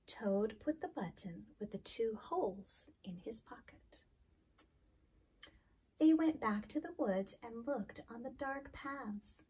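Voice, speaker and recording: A woman reading a children's storybook aloud in a slow, expressive way. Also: fairly high pitch, breathy edge.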